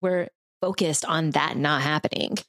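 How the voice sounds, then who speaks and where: Low-voiced reflective woman podcaster. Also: fairly even intonation, moderate pace, vocal fry, a bit bright, dry recording, studio quality. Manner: earnest, reflective, with many fillers. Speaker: podcast co-host. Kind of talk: casual podcast conversation.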